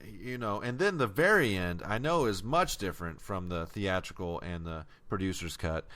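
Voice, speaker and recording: A man talking on a podcast in a lowish voice, reviewing a film in loose casual chat. He swears often and laughs as he goes. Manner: profane, animated, quick to laugh. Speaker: podcast co-host.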